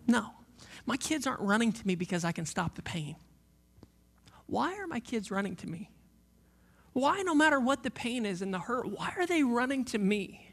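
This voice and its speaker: A man in his thirties preaching a sermon as a pastor, passionate and repetitive, dropping from loud emphasis to hushed near-whispers. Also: very high voice, sing-song, moderate pace.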